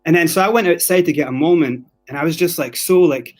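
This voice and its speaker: A man from Scotland tells his story as a podcast guest. His voice sits a bit high for a man, and he talks with swearing and animated acted-out quotes. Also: fast talker, faint music behind. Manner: animated, profane, acts out quotes.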